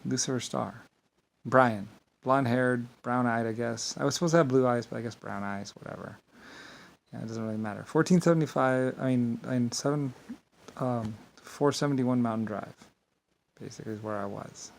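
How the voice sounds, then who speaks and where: A man's voice: medium pitch, normal speed, creaky, rough recording. Male vlogger, rambling grandiose monologue, swears freely, mid-range voice.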